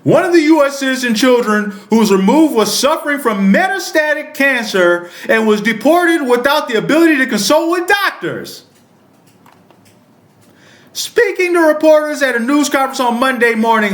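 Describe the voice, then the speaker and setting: A man's voice: very high voice, sing-song, moderate pace, a bit bright, roomy sound. A man ranting angrily and sarcastically about politics, swearing heavily and reading a news article aloud with interjections. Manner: profane, furious, sarcastic ranting. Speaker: political commentator. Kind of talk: angry political rant.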